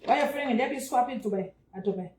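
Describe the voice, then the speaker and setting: A Liberian woman hosts a casual livestream, talking fast in a high voice with Liberian English accent while background noise fills the audio. She's chatty but preachy, lecturing viewers about giving and urging them to donate.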